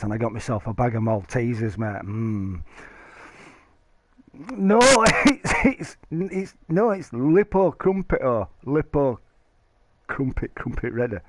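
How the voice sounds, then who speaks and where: A man's voice: medium pitch, no room sound. A man chatting casually to stream viewers, rambling and joking, laughing often. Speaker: live streamer.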